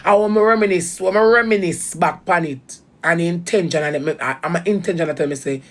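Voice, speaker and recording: Jamaican woman venting hard on her vlog, kinda low voice, lots of cussing. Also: brisk, hardly any pauses. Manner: heated, patois-heavy, swearing. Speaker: vlogger. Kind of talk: emotional personal rant to viewers.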